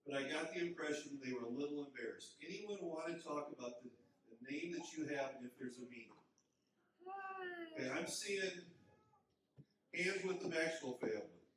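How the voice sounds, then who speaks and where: A man's voice: a little high, fairly bright tone. Older man from Minnesota, echoey sanctuary. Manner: playful, storytelling to kids. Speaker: pastor. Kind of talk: children's sermon. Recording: very echoey hall, distant mic, faint hiss.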